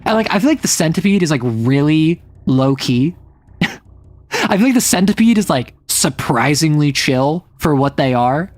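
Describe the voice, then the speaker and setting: A man streaming casually, chatting in an excitable way with quick asides. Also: fairly high pitch, no room sound. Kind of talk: casual livestream chat.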